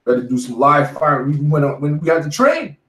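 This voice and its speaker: In an echoey room, a street bible teacher around forty leads a study, casually preaching and telling war stories with emphatic profanity and a "man" after nearly every phrase. His voice is fairly high and fairly bright, with big pitch swings and a fairly quick pace.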